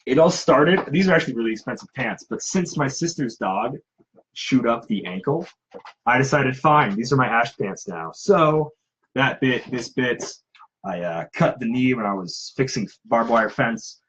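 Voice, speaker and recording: A man's voice: mid-range voice, lively intonation, normal speed, a bit bright, muffled recording, slight background noise. A man who makes props and cosplays, chatting casually and in a self-deprecating way. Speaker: cosplayer and prop maker. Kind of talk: casual chat.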